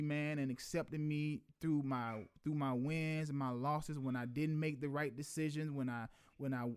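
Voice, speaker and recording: Earnest man hosting, smooth voice. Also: a little high, darkish tone. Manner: heartfelt, earnest, repeats man often. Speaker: host. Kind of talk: casual chat.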